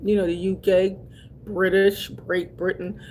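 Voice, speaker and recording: A woman's voice: mid-range voice, flat delivery, unhurried, darkish tone, a little hiss or hum. An older woman from Delaware chatting casually to camera as a vlogger. She calls her viewers honey and baby and laughs easily while telling stories. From Delaware, USA.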